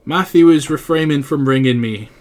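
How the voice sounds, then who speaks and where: A man's voice: on the high side, normal speed, darkish tone. A young man from Wales with a Welsh accent, chatting casually and teasing his viewers while live-streaming a train game from home on a desk microphone. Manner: chatty and teasing, answers chat messages.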